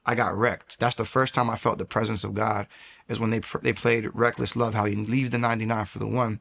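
A man telling his own faith testimony in an earnest, quick way, with lots of filler words and restarts, acting out the people in his story. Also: fairly low pitch, little pitch movement, creaky, fairly bright tone. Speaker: guest sharing a faith testimony.

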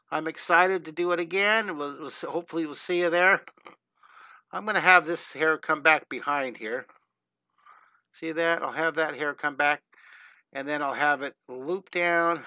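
A middle-aged man hosts a live-streamed drawing lesson, chatting eagerly and rambling as he sketches. His voice is fairly high and bright with an edge of tension. The sound is dry and close, with no room echo. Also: smooth. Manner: enthusiastic, gushing, talks while drawing, many restarts.

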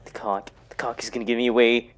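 A man in his own voice talks through a horror game, half under his breath, swearing and joking at the screen. His pitch sits at an ordinary middle, and it jumps sharply when something startles him. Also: little pitch movement, quick pace. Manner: mutters quietly, bursts into loud startled shouts; profane, jokey self-talk to the game. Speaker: gaming YouTuber. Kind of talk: casual let's-play commentary.

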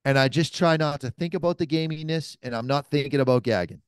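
A man with a smooth, clear voice tells a rowdy story, swearing freely and building it up with energy. The sound is dry and close, with no room echo, as in a mobile podcast studio. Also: a little high, fast. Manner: animated, profane storyteller. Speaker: podcast guest, cigar shop owner. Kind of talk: anecdotal storytelling.

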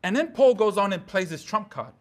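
A man's voice: sits high, lively intonation, a little fast. A man preaching a midweek sermon in a church, talking casually with slang and asides.

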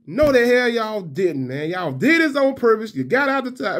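A man's voice: very high-pitched, lively intonation, normal speed, few pauses, fairly bright tone. A man giving a fired-up, profane fan rant to camera. He trash-talks and repeats himself. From Alabama fan. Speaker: college football vlogger.

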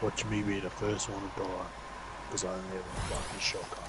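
A man in casual gaming voice chat, swearing and shouting quick warnings to his team. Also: low voice, flat delivery, very noisy. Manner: swearing, urgent callouts. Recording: voice chat over loud gunfire.

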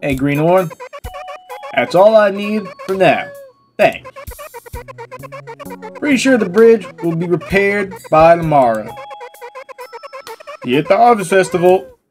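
Woman reading friendly handyman guy from a farming game, low, matter-of-fact. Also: expressive, takes it slowly, long pauses, darkish tone, soft background music. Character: busy village handyman fixing a bridge.

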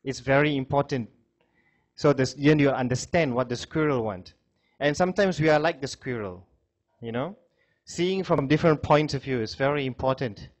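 A man's voice: medium pitch, moderate pace. A male lecturer telling a moral story to a class in a conversational way, with many fillers and repeated phrases.

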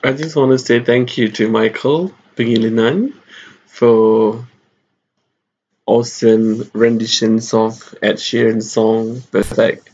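A man's voice: mid-range voice, steady tone, slow pace, a little mellow, slightly rough, muffled recording. A man hosting a casual music reaction video, chatty and laughing often.

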